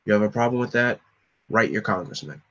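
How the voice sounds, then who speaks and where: A man voicing a weary government agent who talks down in a low, quiet, condescending way in a comic reading. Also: lively intonation, brisk, lo-fi sound, lightly acted. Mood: cold, dismissive.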